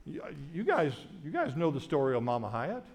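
Middle-aged male pastor, high-pitched, emphatic repetitive preaching. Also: huge pitch swings, fairly quick, a little mellow. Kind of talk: sermon.

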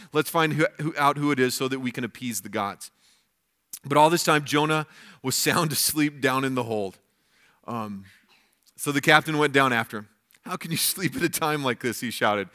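A man's voice: mid-range voice, bright, forceful tone. A man preaching a weekend sermon, reading scripture passages aloud and explaining them to the congregation. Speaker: pastor.

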